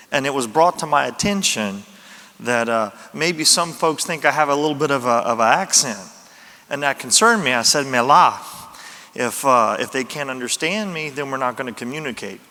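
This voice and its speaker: A man's voice: mid-range voice, sharp tone. A man with a Louisiana accent giving a conference talk, folksy and self-deprecating. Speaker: conference speaker. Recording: reverberant hall.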